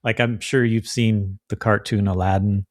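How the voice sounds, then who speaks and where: A man's voice: lowish voice, flat delivery, moderate pace, darkish tone, dry recording, clean studio sound. A man co-hosting a podcast in casual chat, chatty and acting out the voices of people he quotes. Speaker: podcast co-host.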